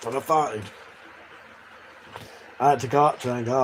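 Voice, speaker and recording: A man's voice: mid-range voice, steady tone, normal speed, poor audio. An English man chatting casually and crudely on a live stream, reading out chat messages and laughing often. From England. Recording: faint background noise.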